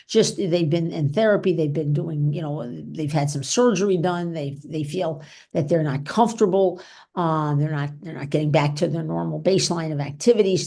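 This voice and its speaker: A woman's voice: fairly low pitch, creaky, darkish tone. A woman physician giving an informal talk and taking questions, chatty and full of "okay?" and "you know". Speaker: physician presenter.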